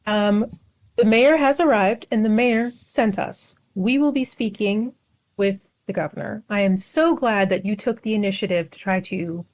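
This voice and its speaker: Woman player, in character, sassy, hesitant, mid pitch. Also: darkish tone, low-quality recording. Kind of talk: in-character tabletop play.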